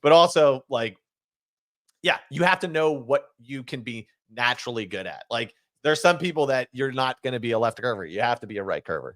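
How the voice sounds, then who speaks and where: A man's voice: mid-range voice, lively intonation, a little fast, fairly bright tone, dry recording. A man co-hosting a casual podcast chat, talking loosely with lots of fillers and restarts. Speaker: podcast co-host.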